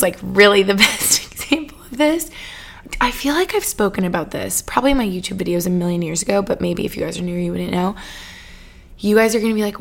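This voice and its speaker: A woman's voice: mid-range voice, creaky. A woman in her twenties hosting a podcast on her own, chatting casually and gushing with lots of "like" fillers and tangents. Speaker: podcast host. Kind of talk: casual solo podcast chat.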